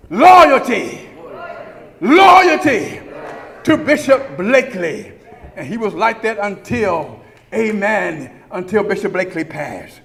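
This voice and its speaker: A middle-aged man, a pastor, delivering a eulogy sermon that builds to shouted, chanted crescendos with a singing preacher's cadence. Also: sits high, very animated, slow, creaky. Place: large church sanctuary before a congregation. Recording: long church reverb with organ and congregation.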